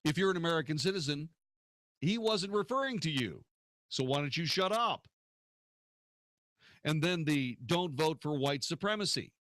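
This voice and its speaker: A man's voice: fairly high pitch, animated, moderate pace, long pauses, fairly bright tone, dry recording, clean studio sound. A man hosting a political talk radio show, arguing his points in a combative way and firing off rhetorical questions.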